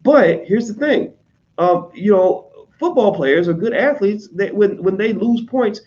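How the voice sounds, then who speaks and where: A man with an American accent talking casually to his audience, blunt and profane, slipping into quick mimicry of other people. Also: high-pitched, lively intonation, a little mellow, highs cut off. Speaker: online commentator on business. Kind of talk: casual unscripted monologue.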